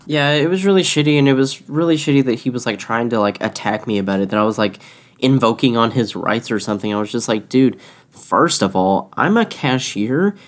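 A man's voice: mid-range voice, fast. A young man who works as a cashier, casually retelling a run-in with a rude customer, swearing often and laughing between lines. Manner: animated, profane, laughing retelling. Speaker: restaurant cashier. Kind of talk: casual storytelling chat.

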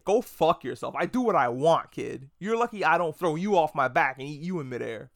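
A man's voice: fairly high pitch, animated, a little fast, gravelly, a bit bright. A man voicing a fierce, contemptuous old female dragon who speaks dismissively. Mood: scornful. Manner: dismissive, profane.

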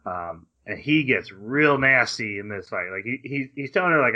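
A man hosting a casual podcast, retelling anime scenes in a lively way and acting out quick quotes from the characters. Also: medium pitch. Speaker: podcast host. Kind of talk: casual recap of an anime episode. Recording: slightly dull lo-fi podcast audio.

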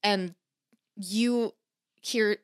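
A woman's voice: medium pitch, steady tone, very slow. A woman co-hosting a podcast in casual chat, chatty and swearing casually.

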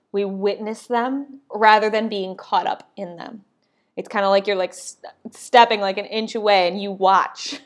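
A young adult woman hosting a podcast, talking in a casual, reflective way. She is chatty and expressive and often adds "like" and "right?". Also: on the high side. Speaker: podcast host.

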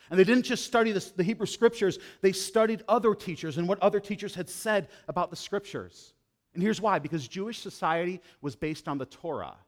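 A man with a somewhat high voice delivers a sermon. He talks straight to his listeners, building to loud emphatic lines and then sinking into low, hushed ones. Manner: direct address to listeners. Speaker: pastor.

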